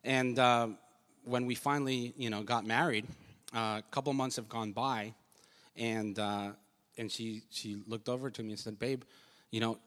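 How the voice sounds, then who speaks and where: A man spins a self-mocking story about his marriage for an audience, his voice bright and forceful. He is animated and laughs at himself along the way. The sound carries a long reverb, as in a large church hall. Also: medium pitch, normal speed. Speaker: husband sharing a testimony.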